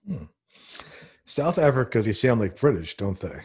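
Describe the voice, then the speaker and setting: Husky, easygoing interviewer. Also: medium pitch, sing-song, normal speed, darkish tone. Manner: asks short, easygoing questions. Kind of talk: casual interview chat.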